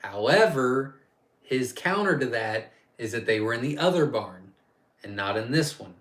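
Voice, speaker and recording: A man's voice: mid-range voice, lively intonation, normal speed, fairly bright tone. A man hosting a casual live-stream Q&A as a quail farm owner, chatty and rambling, reading viewer questions aloud and answering off the cuff.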